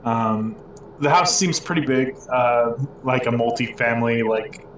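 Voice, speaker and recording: A man's voice: medium pitch, unhurried, a bit bright, reverberant, distant mic, slight background noise, rough recording. A man running a tabletop game as game master, narrating casually with lots of fillers. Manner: loose and rambling, many fillers.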